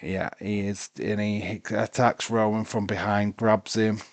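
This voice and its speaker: A man's voice: fairly low pitch, little pitch movement, a little slow, dry recording. A sleepy, tired man commentating a live wrestling watch-along, rambling and talking to himself. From United Kingdom.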